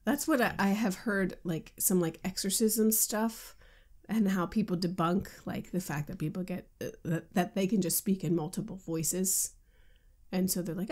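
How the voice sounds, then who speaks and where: A woman's voice: fairly low pitch, steady tone, normal speed, a little mellow. Chatty woman podcast co-host. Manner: chatty, laughing, breathy asides. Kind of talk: casual book discussion.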